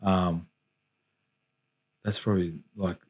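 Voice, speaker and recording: A man, a podcast guest telling personal stories in a candid, reflective way with halting restarts. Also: low voice, level tone, a little mellow. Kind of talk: candid storytelling in conversation.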